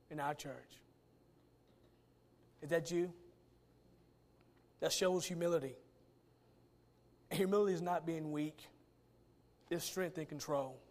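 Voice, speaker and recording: High-voiced man preaching with emphasis. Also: a little mellow. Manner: preaching with rising and falling emphasis, drawn-out words; colloquial phrasing. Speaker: pastor. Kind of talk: sermon.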